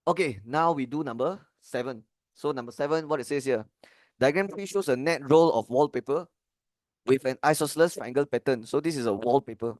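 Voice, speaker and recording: A man's voice: medium pitch, a little fast, darkish tone, dry recording. A man with a Malaysian English accent, a maths tutor working through an exam paper in a casual way, often checking "okay?" and slipping into Malay phrases. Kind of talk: exam-paper walkthrough lesson.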